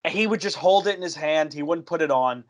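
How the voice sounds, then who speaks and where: Young man with a higher voice telling a story. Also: quick pace. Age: young adult. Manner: animated storyteller who acts out quoted dialogue. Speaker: podcast co-host telling a work story. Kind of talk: casual podcast chat.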